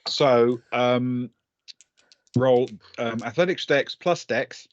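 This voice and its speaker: A man's voice: medium pitch, slow pace, dull audio. A man narrating as game master of a tabletop game, chuckling and hesitating with many fillers.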